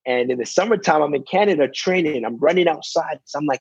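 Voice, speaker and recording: A man's voice: a little high, animated, fast, gravelly, breathy edge, no room sound, highs cut off. A young man, a basketball player, talking in a casual interview, leaning on "you know" and acting out what people said to him. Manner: fills with "you know", acts out quotes.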